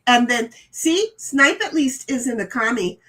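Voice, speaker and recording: Chatty higher-voiced woman streamer. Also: animated, a little slow, sharp tone. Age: middle-aged. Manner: chatty, reads chat messages aloud, frequent stammered restarts. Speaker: streamer host reading chat. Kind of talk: casual live-stream chat.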